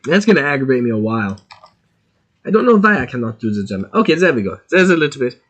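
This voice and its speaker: A man streaming a video game, chatting casually and excitably while thinking aloud about what he is doing. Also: mid-range voice, fast, slightly rough. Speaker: gaming streamer.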